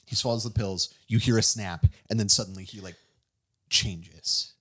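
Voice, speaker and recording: Guy with a lowish voice gushing about a movie, lots of like and um, loose casual chat. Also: normal speed. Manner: excited rambling plot recap with many fillers. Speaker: movie review podcast host.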